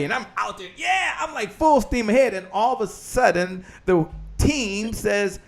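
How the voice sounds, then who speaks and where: A man hosting a live business show, giving an energetic motivational talk full of repeated words and exclamations. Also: sits high, fairly quick, creaky. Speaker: host.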